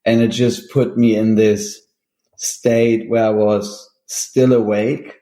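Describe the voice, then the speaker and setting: A man's voice: fairly low pitch, slow, reverberant. A man, a guest on an interview show, who chats casually and laughs often. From Germany. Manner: laughs often, relaxed with many fillers. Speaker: guest musician.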